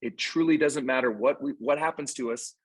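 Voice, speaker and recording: A man's voice: mid-range voice, fairly quick, breathy edge, poor audio. A man co-hosting a casual podcast, an earnest youth baseball coach telling stories with emphatic repeats.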